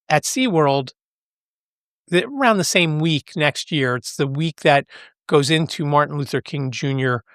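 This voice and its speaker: A man talks through his trip in a casual, rambling vlog, restarting sentences and laughing lightly as he goes. His voice sits a touch high for a man. The sound is dry and close, with no room echo. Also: a bit bright. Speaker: podcast host.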